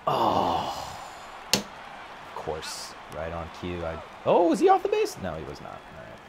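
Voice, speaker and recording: In a gravelly, unhurried voice, a man commentates live on his own gameplay from an empty office over a noisy background. He's excitable, and his voice climbs high when he gets worked up.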